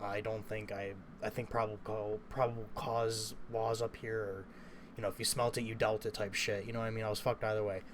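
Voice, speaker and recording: A man's voice: on the low side, flat delivery, fairly quick, slight background noise. A young man casually telling a story as a vlogger, rambling and swearing, with many fillers. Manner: rambling, profane, lots of fillers.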